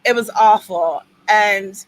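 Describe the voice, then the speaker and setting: A woman's voice: medium pitch, takes it slowly, rough recording. A woman co-hosting a casual writers' livestream, chatty and teasing, telling stories with animation. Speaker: writing livestream co-host. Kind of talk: casual chat.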